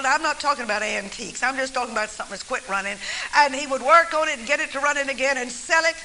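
A woman preaching from the pulpit in the form of a story. Her tone is earnest and homespun, and her voice is very bright with a sharp, forward edge. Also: high-pitched, slight background noise, poor audio. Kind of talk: storytelling sermon.

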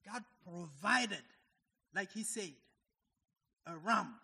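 A man from Africa preaches with fervor, his high, bright voice rising to shouts and falling to near-whispers. He speaks slowly and deliberately, and long reverb from a large hall trails each phrase. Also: animated, breathy edge. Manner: impassioned, swings from shouting to hushed. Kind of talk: sermon.

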